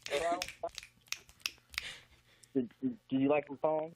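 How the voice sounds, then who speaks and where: A man voicing a bumbling male caller who puts on a Southern drawl, stammering and halting over a phone line. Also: on the high side, fairly even intonation, background noise. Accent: put-on Southern. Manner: stammering, halting, lots of fillers. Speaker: prank caller.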